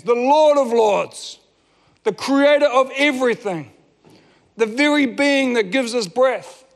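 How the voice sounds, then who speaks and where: A man preaching a sermon, telling a story with stammered restarts and drawn-out dramatic pauses. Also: very high-pitched, in a large hall. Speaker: pastor.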